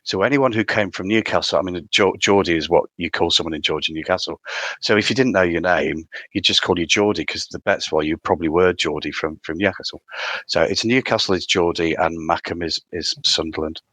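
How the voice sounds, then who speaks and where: A man's voice: deep voice, brisk, sharp tone, no echo. A man from North East England, a theatre director chatting eagerly in an interview, with many restarts. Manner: enthusiastic, rambling with restarts. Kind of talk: casual interview chat.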